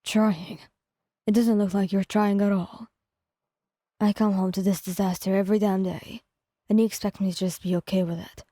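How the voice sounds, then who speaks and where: A hot-tempered young man with a harsh, cursing bite, as a woman puts him on in a lowered voice. The tone stays mellow rather than bright, and the sound is dry and close, like a story read straight into the mic. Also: steady tone, moderate pace, no room sound, lightly acted. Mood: angry.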